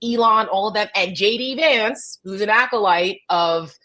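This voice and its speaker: Woman co-host, blunt and profane, mid-pitched, animated delivery on a video call. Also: normal speed, rough recording. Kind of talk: casual political chat.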